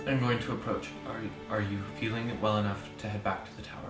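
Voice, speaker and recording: Brief: woman player, very deep voice, lively pitch, heard from far off in a roomy room under loud music. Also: fast talker. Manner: polite, hesitant requests. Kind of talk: casual tabletop play. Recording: distant echoey mic over loud music.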